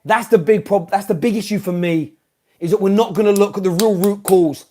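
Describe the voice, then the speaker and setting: A British man hosting a football fan channel rants live after a match in a high-pitched, brisk voice. He swings from shouting to muttering and repeats himself in exasperation.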